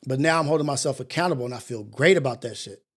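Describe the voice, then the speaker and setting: A man's voice: medium pitch, quick pace. A middle-aged man hosting a morning show, giving a blunt, profane, self-mocking motivational monologue.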